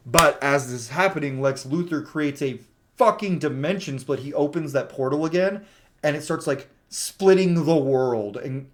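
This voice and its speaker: A man giving a casual, chatty plot recap in a movie review, full of "like" fillers and the odd swear word. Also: medium pitch. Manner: acts out characters' lines when quoting them.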